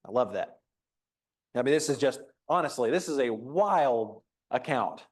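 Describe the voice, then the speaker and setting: A man stands before a church congregation and talks through a Bible passage in a thoughtful, unpolished way. He reads verses aloud, then pauses to reflect, often restarting his sentences. His voice sits in an ordinary middle pitch. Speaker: preacher. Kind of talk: conversational sermon. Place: church auditorium.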